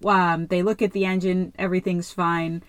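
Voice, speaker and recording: A woman in casual podcast chat, easygoing and quick to laugh, with lots of filler words. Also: fairly low pitch, little pitch movement, no room sound. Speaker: podcast co-host. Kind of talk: casual chat recapping a TV episode.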